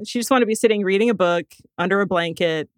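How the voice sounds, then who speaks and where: A woman hosting a casual chat show, talking loosely with lots of "like" and quick laughs, and a parent herself. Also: medium pitch, dry recording, clean studio sound. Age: adult parent. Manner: chatty, lots of "like", laughs often. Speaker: podcast host. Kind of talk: casual chat, reading an article aloud.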